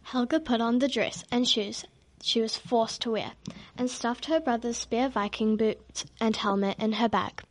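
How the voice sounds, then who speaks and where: A woman reading a children's story aloud in a steady narrating manner. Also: fairly high pitch, measured pace.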